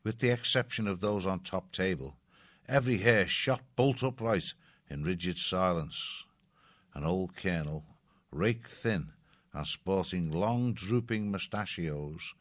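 A man narrating an audiobook in a steady, descriptive way. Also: deep voice, measured pace.

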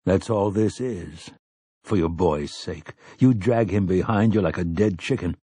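A man voicing a cold, blunt gunslinger in an audiobook, speaking low, slow and quietly menacing. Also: husky, no room sound, clean studio sound. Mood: grim. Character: stern weathered male gunslinger, cold and blunt.

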